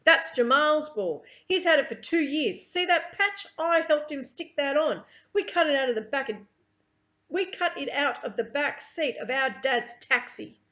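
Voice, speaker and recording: A woman's voice: high-pitched, expressive, a little slow, fairly bright tone, pitched above the performer's own voice. A woman voicing a fierce, bold young girl in a read-aloud story, scolding and insistent.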